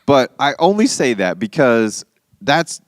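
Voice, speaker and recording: A man in his thirties co-hosting a podcast, telling a story in casual chat and acting out quotes with big jumps in pitch. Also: very animated, a little slow, no room sound, clean studio sound. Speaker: podcast co-host.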